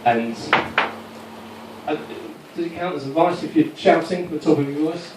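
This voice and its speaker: A man's voice: fairly high pitch, normal speed, very noisy. Man doing stand-up, far off. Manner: rambling, self-mocking, with stumbling restarts. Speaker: stand-up comedian. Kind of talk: stand-up comedy set. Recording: roomy live venue from a distant mic, loud crowd laughter.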